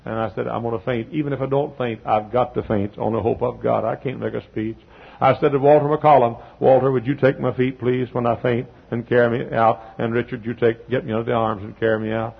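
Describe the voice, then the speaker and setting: A man preaching a sermon, telling stories that swell into loud peaks. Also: mid-range voice, steady tone, quick pace, gravelly, husky, dull audio. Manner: storytelling, swells to shouting peaks. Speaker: pastor.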